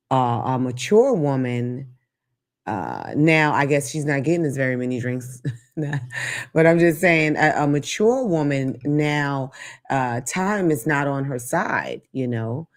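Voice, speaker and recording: Low-voiced sassy woman talk host. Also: a little slow. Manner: frank, sassy, animated, laughs at own jokes. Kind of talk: live call-in show monologue.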